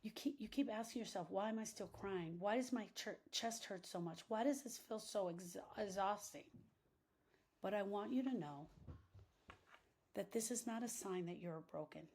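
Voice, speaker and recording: Husky woman, impassioned grief talk. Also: medium pitch, moderate pace, darkish tone. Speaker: grief coach and podcast host.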